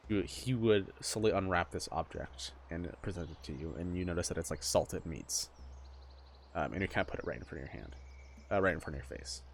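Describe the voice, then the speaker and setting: A man's voice: low-pitched, fairly bright tone. A man running a tabletop game as game master, narrating casually in a loose, meandering way with frequent fillers.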